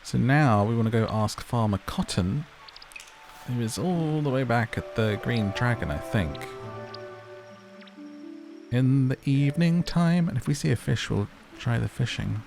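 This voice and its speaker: A man giving relaxed, chatty commentary over a game, thinking aloud as he plays. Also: medium pitch, measured pace, vocal fry, soft background music. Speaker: gaming youtuber. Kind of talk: casual gameplay commentary.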